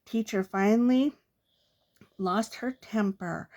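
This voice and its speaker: Older woman reading kids' poems slowly. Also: mid-range voice, creaky. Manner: playful, expressive read-aloud with comic trailing-off. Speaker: grandmother reading aloud. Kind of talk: reading children's poems aloud.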